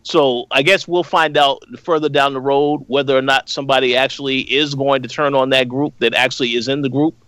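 A man co-hosting a podcast, laying out his points on a TV episode in a measured, step-by-step way. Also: medium pitch, steady tone, a bit bright, dry recording. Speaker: podcast co-host. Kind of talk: casual discussion.

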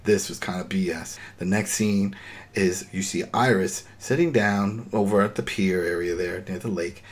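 A man hosting a casual recap chat, talking in an animated, riffing way with incredulous outbursts. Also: low voice, moderate pace. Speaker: podcast host.

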